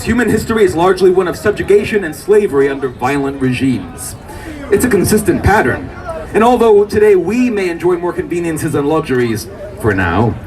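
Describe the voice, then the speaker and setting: A man giving an impassioned speech to a rally crowd, building up to shouts. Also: high-pitched. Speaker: rally speaker. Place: outdoor city rally. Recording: distant livestream mic with crowd behind.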